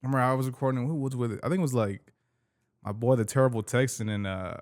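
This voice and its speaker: Man, late twenties, podcast host, very quick pace, mid pitch, laid-back, profane. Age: 20s. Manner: laid-back, swears freely, quick talker. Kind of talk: casual chat.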